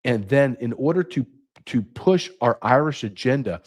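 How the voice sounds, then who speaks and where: A man's voice: medium pitch, expressive, normal speed, darkish tone. A man hosting his own show, delivering an indignant opinion monologue with sarcastic asides. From United States. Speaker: podcast host.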